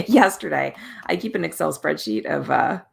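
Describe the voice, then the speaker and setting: Tired, gravelly-voiced woman chatting on a livestream. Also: deep voice, expressive, normal speed. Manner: chatty, rambling, with frequent restarts and soft laughs. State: tired and yawning. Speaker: livestream host running writing sprints. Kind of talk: casual live stream chat.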